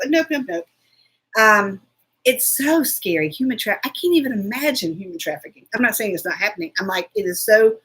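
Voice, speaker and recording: Husky chatty woman host. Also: medium pitch. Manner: chatty, animated storytelling with asides. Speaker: show host. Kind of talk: casual live chat with viewers.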